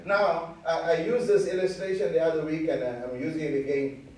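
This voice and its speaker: A man's voice: a little high, steady tone, brisk, darkish tone. A man preaching a sermon, earnest and repetitive, often restarting his words. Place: church hall. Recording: echoey hall from far off.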